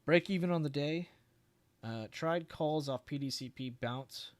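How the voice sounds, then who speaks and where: A man's voice: medium pitch, moderate pace, no echo. A young man hosting a live trading stream, chatting casually with viewers and walking them through charts. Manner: relaxed, chatty, swears and laughs, answers viewers.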